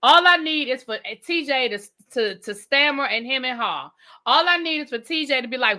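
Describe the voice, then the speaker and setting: A woman's voice: high voice, lively intonation, normal speed, bright, forceful tone. A woman hosting a live rant-and-review of a reality show, talking emphatically, repeating her points and swearing freely.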